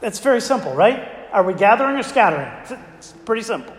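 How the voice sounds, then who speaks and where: A man with a high voice preaches a conversational sermon and keeps throwing rhetorical questions at his congregation. His voice rings through a roomy church hall with a long reverb tail. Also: very animated, fast. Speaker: pastor. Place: church sanctuary.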